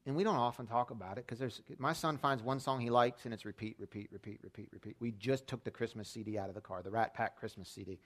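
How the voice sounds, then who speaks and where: A man's voice: medium pitch, fast talker, hardly any pauses. A man preaching a sermon as pastor, telling stories in a casual, lightly humorous way. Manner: conversational storytelling with light humor.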